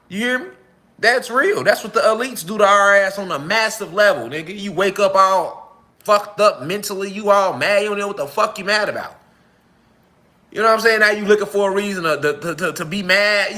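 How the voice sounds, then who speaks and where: A man speaking delivers a fervent, repetitive monologue full of profanity. His voice sits high and bright, sharp at the edges. He circles back on his phrases as he presses his point. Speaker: social media commentator.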